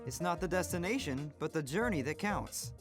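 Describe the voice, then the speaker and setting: A man's voice: fairly high pitch, lively intonation, normal speed, lightly acted. An actor voicing an earnest, ambitious young male chef in a game cutscene, upbeat and storytelling. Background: jazzy game music.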